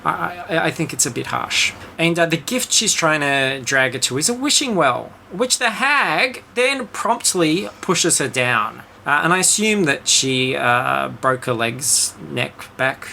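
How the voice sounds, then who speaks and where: A podcast host with a bright, forceful voice, trading sarcastic jokes in a relaxed chat about a book. The delivery is animated, full of exaggerated asides, over a faint hiss of background noise. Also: mid-range voice, unhurried, creaky, hardly any pauses. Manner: sarcastic, joking.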